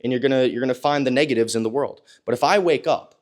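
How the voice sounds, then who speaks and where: A man's voice: medium pitch, fast talker. A man giving a blunt, profane business coaching talk. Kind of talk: coaching monologue.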